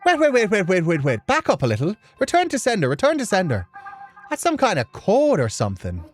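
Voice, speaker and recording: A woman voicing a fast-talking, anxious male mouse deliveryman with an Irish accent, in a pleading, theatrical way. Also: on the low side, big pitch swings, faint music behind. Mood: alarmed. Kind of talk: let's play voice acting.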